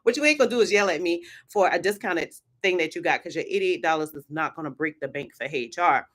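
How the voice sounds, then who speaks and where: A woman's voice: on the low side, quick pace, fairly bright tone. A woman, chatting casually and sassily with viewers on a livestream as the host. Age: adult. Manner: chatty and sassy, addresses viewers as y'all. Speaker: HR content creator and host.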